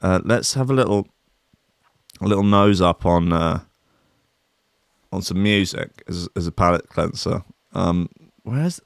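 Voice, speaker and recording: Deep-voiced rambling stream host. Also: male voice, unhurried, vocal fry, long pauses, no room sound, clean studio sound. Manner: rambling, apologetic, sweary, self-deprecating. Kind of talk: casual live-stream chat.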